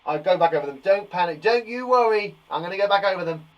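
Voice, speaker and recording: A man's voice: sits high, lively intonation, fast, muffled recording. A young man teaching a live maths lesson for young children, encouraging and reassuring, thinking aloud as he counts up in tens.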